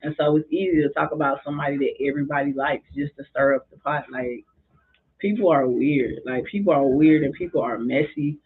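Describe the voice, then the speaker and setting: Over tinny, phone-like sound, a low-voiced woman with a breathy edge talks fairly quickly in a relaxed podcast exchange. She coaches basketball and does drumming therapy at a school, and she speaks with passion and expression.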